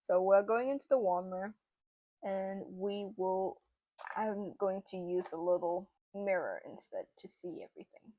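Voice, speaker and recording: A woman's voice: medium pitch, a little slow, mellow, dry recording. A young woman narrating a makeup tutorial in a chatty, casual way, with lots of fillers. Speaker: beauty vlogger.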